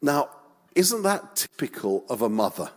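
Male preacher, slow and humorous, recorded in a hall with long reverb. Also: medium pitch. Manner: humorous, animated storytelling. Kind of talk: sermon.

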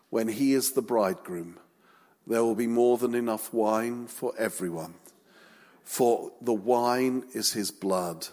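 Male preacher, slow and humorous, recorded in a hall with long reverb. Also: medium pitch. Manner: humorous, animated storytelling. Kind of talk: sermon.

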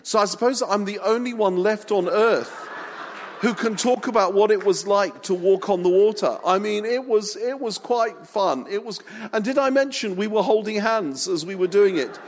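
A man's voice: high voice, normal speed, in a large hall, a little hiss or hum, voice pushed up, close to an everyday voice. A preacher putting on a boastful, self-satisfied male fisherman apostle who keeps repeating his brags. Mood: smug.

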